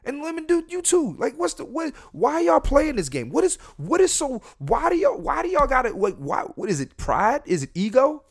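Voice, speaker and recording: A man's voice: very high-pitched, wildly swooping pitch, moderate pace, few pauses. A man hosting a casual solo podcast from a room at home, blunt and profane, often repeating himself and restarting as he talks straight to his listeners. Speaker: podcast host. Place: home room near a window.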